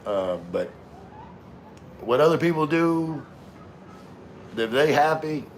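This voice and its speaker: A man's voice: a little high, lively intonation, slow pace, a little hiss or hum. A man hosting a casual livestream, reading chat messages aloud in a laid-back, slangy, rambling way while having a few drinks.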